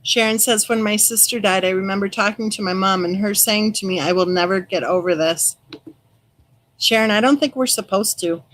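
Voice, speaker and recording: Speaking at a moderate pace in a mid-range voice, a middle-aged true crime host reads her live chat aloud and warmly answers viewers by name. The stream is casual and chatty, and the recording is rough.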